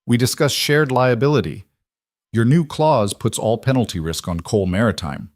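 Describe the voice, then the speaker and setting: A man's voice: medium pitch, moderate pace, dry recording, clean studio sound, pitched above the performer's own voice, natural voice. A man voicing a curt, demanding billionaire executive who speaks in short commanding lines.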